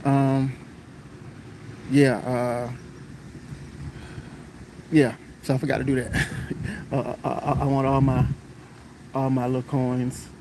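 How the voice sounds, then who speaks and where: A bus driver telling a rambling story on a live stream, repeating himself and greeting viewers as they join. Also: male voice, medium pitch, monotone, slow pace, long pauses, dark tone, a little hiss or hum, low-quality recording. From Florida, United States.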